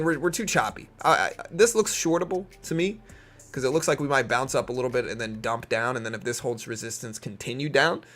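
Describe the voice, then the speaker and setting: A live stream trader, a young man from Louisiana with a Southern accent, gives casual market commentary in a laid-back, chatty way with many fillers. His voice is medium in pitch with a fairly bright tone.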